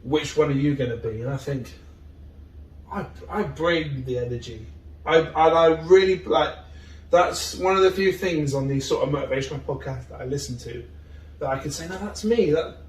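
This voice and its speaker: A man talks as an interview guest, earnest and open, spilling into long excited tangents. His voice sits a bit high for a man. He is picked up from a distance in an echoey room. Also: moderate pace. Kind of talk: casual interview chat. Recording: roomy, distant mic.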